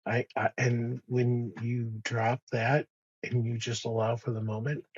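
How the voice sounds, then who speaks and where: A man speaking as a podcast guest in a slow, soft-spoken, reflective way, pausing often and restarting his sentences. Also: medium pitch, level tone, breathy edge, no echo, lo-fi sound. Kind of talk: reflective conversation.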